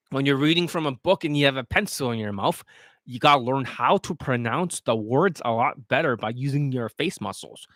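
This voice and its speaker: A man talking as a dating coach in a casual livestream, blunt, boastful and full of swearing as he pitches his products. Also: a bit bright, no echo, studio quality.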